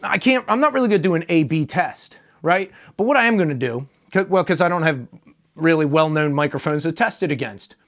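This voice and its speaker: A man's voice: on the high side, lively intonation, a little fast, fairly bright tone. Stuffy-nosed man rambling through an unboxing. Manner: rambling, loose, with fillers and mild swearing. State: stuffed up from allergies. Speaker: vlogger reviewing a microphone. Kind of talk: casual unboxing talk. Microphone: lapel mic, then a desk condenser mic.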